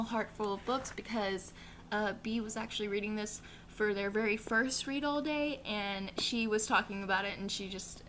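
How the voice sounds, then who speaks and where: A woman's voice: on the high side, fairly bright tone, a little hiss or hum. A young woman from the American South with a Southern accent, chatting casually and rambling through a book wrap-up, full of fillers and the odd swear. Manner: chatty, rambling, lots of likes and ums, swears for emphasis. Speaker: book vlogger. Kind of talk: casual reading wrap-up chat.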